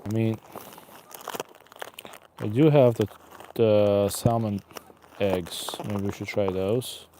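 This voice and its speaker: A man's voice: lowish voice, fairly even intonation, takes it slowly, long pauses, noisy background. A man chatting casually and wryly to himself and passersby while fishing outdoors by an icy river, streaming live. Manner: rambling, wry, talks to himself and passersby.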